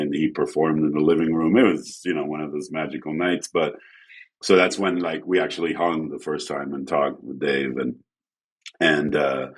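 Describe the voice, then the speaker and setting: A man telling casual stories as a guest photographer, acting out quotes in an animated way. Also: breathy edge. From France. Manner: animated, acts out quotes with shifting pitch. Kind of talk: casual storytelling.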